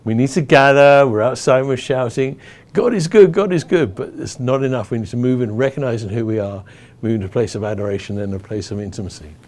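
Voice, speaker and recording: A man's voice: mid-range voice, steady tone, quick pace. English man teaching on stages of worship. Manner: storytelling, acts out crowd chants loudly. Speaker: worship leader.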